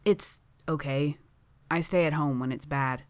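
Give me a woman playing a shy, polite young man with a very deep, soft-spoken voice. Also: unhurried, no room sound. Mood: quiet.

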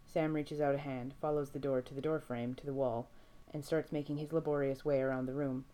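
A woman narrating a story aloud in a steady, measured reading voice. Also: rumbling low. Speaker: reader. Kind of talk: audiobook fiction reading.

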